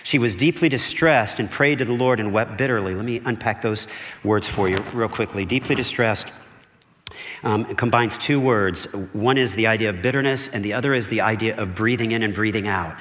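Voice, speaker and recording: A man's voice: lowish voice, a little fast, fairly bright tone. A man, a pastor, delivering a conversational sermon, often checking in with "okay?" and "right?". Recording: long hall reverb.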